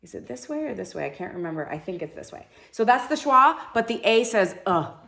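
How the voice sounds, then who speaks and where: A woman teacher leading a live classroom phonics lesson, sounding out syllables slowly and encouraging her students. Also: medium pitch, big pitch swings, creaky, bright, forceful tone. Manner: slow, drawn-out syllable sounding.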